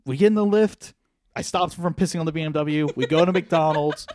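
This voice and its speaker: A man's voice: fairly high pitch, a little fast, a little mellow, a little hiss or hum. A young adult man, a podcast co-host, telling a rambling, profane story and laughing through it. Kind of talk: casual storytelling chat.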